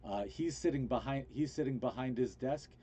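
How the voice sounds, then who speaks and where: A man narrating a tabletop game as game master, halting with many restarts, over an online voice call. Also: medium pitch, mellow, slight background noise.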